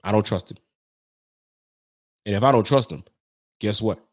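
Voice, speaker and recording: A man's voice: lowish voice, normal speed. Frustrated man ranting after a game. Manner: frustrated, repetitive, slangy. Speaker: sports podcast host. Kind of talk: postgame rant.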